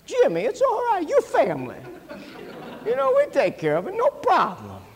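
A preacher putting on a hushed mafia uncle. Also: male voice, very high voice, huge pitch swings, normal speed, big-room sound, a faint crowd, pitched above the performer's own voice, exaggerated voice. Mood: reassuring. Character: smooth-talking male mafia uncle.

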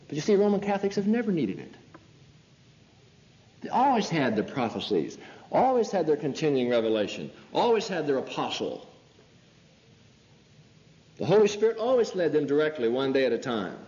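Male preacher, mellow voice, pressing rhetorical questions; dull old recording in a reverberant hall. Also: on the high side, big pitch swings, normal speed, pauses often. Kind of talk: sermon.

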